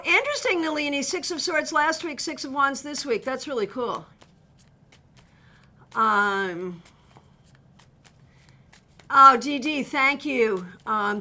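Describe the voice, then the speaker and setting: A woman's voice: high voice, pushed and bright. A woman giving live tarot readings, chatty and direct, greeting viewers by name and giving blunt advice. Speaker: tarot reader. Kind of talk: live-stream card readings.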